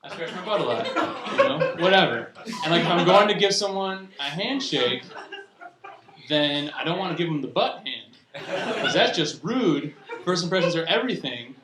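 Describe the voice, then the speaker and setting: A young man with a slightly high voice and lively intonation performs stand-up at a moderate pace, drifting off on tangents and restarting his sentences. The live recording is roomy and faintly noisy, with the audience laughing.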